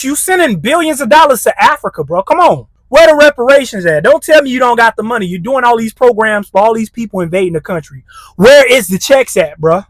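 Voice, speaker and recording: A man's voice: extremely high pitch, a bit bright, no room sound. A man hosting a reaction commentary, blunt and heated, with street slang. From United States. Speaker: commentary channel host.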